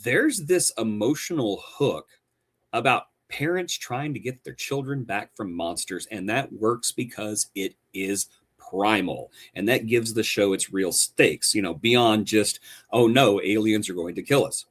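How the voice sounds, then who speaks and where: Animated, sarcastic man on a podcast. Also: on the low side, unhurried. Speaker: podcast co-host. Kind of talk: podcast review banter.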